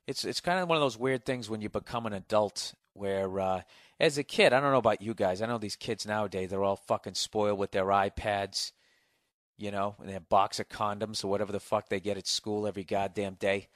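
A man hosting his own podcast, delivering a loud, sarcastic comedic rant full of swearing. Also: fairly low pitch, brisk, no echo, studio quality. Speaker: podcast host. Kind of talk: profane comedic monologue.

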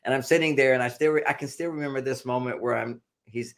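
This man, speaking fast in a mid-range voice, shares a personal story as a casual podcast guest. Laughing and lively, he performs the quoted lines loudly.

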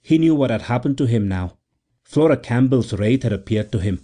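A man narrating a classic story for an audiobook in a measured, steady way. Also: mid-range voice.

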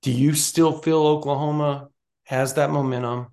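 Gravelly man in casual sports chat. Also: a little high, moderate pace. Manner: animated, rambling with restarts. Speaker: recruiting podcast co-host.

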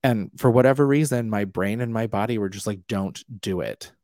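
A young man, a podcast guest, telling his story in a casual, animated way and acting out the voices he quotes. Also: medium pitch, fairly quick, no room sound, studio quality. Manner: animated, acts out quoted voices, laughs often.

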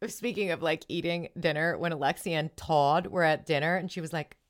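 A woman's voice: sits low, fairly quick. A woman hosting a podcast, retelling reality TV scenes in casual chat and acting out the quoted lines. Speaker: podcast host.

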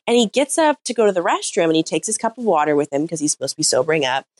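A woman, a podcast guest, telling a comic story in a casual, animated way with lots of "like.". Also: sits low, racing, dry recording. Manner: animated anecdote-teller, heavy use of "like".

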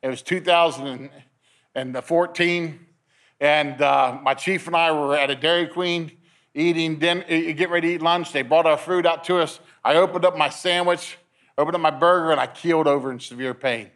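A man's voice: fairly high pitch, fairly even intonation, normal speed, fairly bright tone. A middle-aged man gives a testimony sermon at a men's meeting, telling his story with many restarts and acting out the dialogue.

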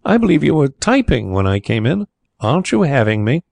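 A man's voice: medium pitch, big pitch swings, fairly quick, gravelly, a little mellow, no room sound, pitched above the performer's own voice. A man reading a blunt ex-lawyer inquiry agent. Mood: sympathetic. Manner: blunt, sometimes hot-tempered. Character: brisk, outspoken former lawyer turned inquiry agent. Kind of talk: audiobook character reading.

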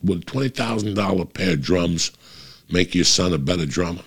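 A middle-aged man telling a long, casual, profane story about his kid. He gets louder and higher when he is worked up. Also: a little fast, breathy edge.

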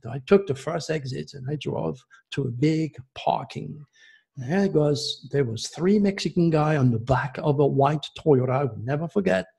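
Gravelly excitable male storyteller. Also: fairly high pitch, moderate pace. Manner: rambling, excitable, many restarts. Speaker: caller telling a personal story. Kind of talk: casual storytelling.

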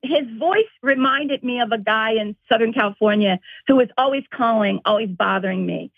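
A woman with a slightly high voice tells stories with lively energy and laughs along the way. Her voice comes through a tinny, phone-like line. The sound is dry. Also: normal speed, vocal fry, no echo. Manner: animated, laughing, acts out quotes. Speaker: guest, former colleague. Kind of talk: casual storytelling.

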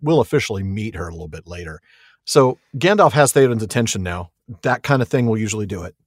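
A man's voice: fairly low pitch, lively intonation, fast talker, dry recording, studio quality. A man co-hosting a casual podcast, chatty and laughing, retelling events with wry jokes. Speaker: podcast co-host. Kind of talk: casual chat.

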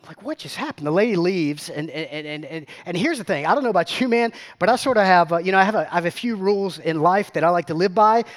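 A man with a drawl preaches from the pulpit in a fairly high voice. He tells his story in an animated, rambling way, doubling back on his words. He keeps checking in with the congregation as he goes. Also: fast talker, hardly any pauses. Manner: animated, repeats words, asks the crowd questions. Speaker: pastor. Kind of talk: storytelling sermon.

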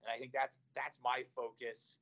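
A man who manages investments, talking about markets in an animated, exasperated way. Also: medium pitch, moderate pace, lo-fi sound. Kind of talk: casual finance chat.

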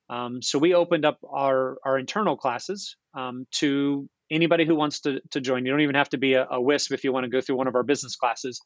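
A man's voice: medium pitch, steady tone, fairly quick, few pauses, no echo. A man speaks as a podcast guest, explaining things earnestly in a casual, explanatory way and often restarting his sentences. His voice sits in a middle range. The recording sounds a little dull and dry, with no room around it. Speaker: ISP founder and CEO, guest. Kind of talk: casual podcast interview answers.

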